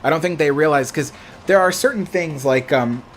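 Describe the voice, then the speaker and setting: Speaking at a moderate pace in a fairly high voice, this man from the United States hosts a livestream. He rambles through viewer comments in a casual chat, often correcting himself, and there's slight background noise.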